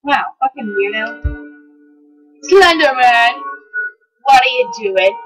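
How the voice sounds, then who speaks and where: A woman giving excitable, profane commentary while playing a game, talking back to the characters on screen. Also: high-pitched, a little slow, faint music behind, rough recording. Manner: excitable, swears a lot, talks to game characters. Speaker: let's play gamer. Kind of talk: casual gameplay commentary.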